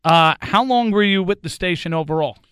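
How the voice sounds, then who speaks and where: A man's voice: high voice, a little fast, fairly bright tone, smooth, no echo, studio quality. A male host and former radio producer chatting in a casual interview, telling anecdotes and laughing often.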